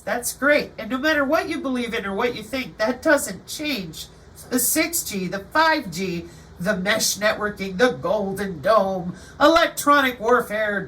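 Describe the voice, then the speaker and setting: A woman hosting her channel in an animated, sarcastic livestream monologue. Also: mid-range voice, far from the mic, slight background noise, rough recording. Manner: animated, sarcastic, acts out quotes. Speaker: channel host.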